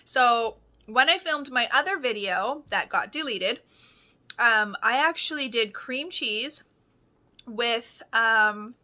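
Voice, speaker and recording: A woman's voice: a little high, expressive, slow pace, sharp tone. A woman vlogging casually at home, chatting cheerfully while she cooks. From Canada. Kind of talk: casual chat.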